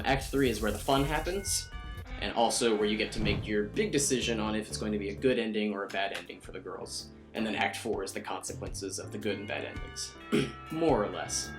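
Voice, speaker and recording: A young man giving casual, profane, rambling commentary on a visual novel playthrough, tossing in quick character voices. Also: on the low side. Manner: rambling, profane, self-mocking, mimics characters in quick asides. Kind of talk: casual let's-play commentary.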